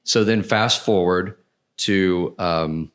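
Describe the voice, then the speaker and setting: A man's voice: low voice, slow, fairly bright tone, smooth. A man hosting a podcast, telling a story in casual chat and laughing as he goes. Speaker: podcast host.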